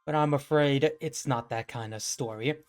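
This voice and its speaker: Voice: mid-range voice, normal speed, darkish tone, faint music behind, natural voice. A game master voicing a smug female villain who talks down to the heroes in a mocking, condescending way, in a tabletop game.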